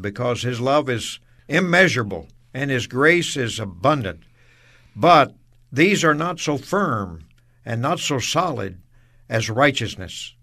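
Male co-host, mid pitch; earnest, heartfelt commentary on a religious talk show. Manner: earnest, warmly affirming. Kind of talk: religious radio discussion.

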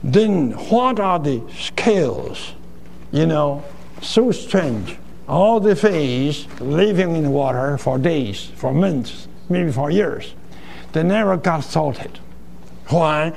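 A man giving a sermon, slow and deliberate, asking questions and answering them himself, with a gravelly voice. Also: a little high, lively intonation, darkish tone, slight background noise.

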